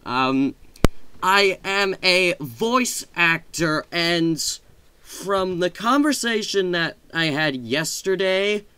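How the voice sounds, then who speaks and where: A man hosting a casual update vlog from his computer desk, talking excitedly in a rambling way with gushing outbursts and self-corrections. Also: high-pitched, takes it slowly, smooth, no echo. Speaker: video channel host. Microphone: desk microphone.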